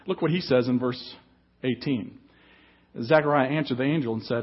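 Husky-voiced man preaching a sermon. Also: medium pitch, normal speed, highs cut off. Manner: emphatic preaching, reads scripture aloud. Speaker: pastor. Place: church service.

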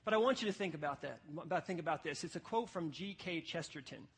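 A man preaching a sermon at a church service, passionate and emphatic, dropping to quiet stretches between forceful points. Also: fairly high pitch, animated, fast talker, slightly rough. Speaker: pastor.

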